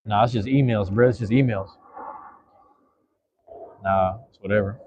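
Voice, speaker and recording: A man's voice: lowish voice, a little slow, darkish tone, muffled recording, a little hiss or hum. A man hosting a casual solo livestream, rambling in a laid-back, slangy way. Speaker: livestream host.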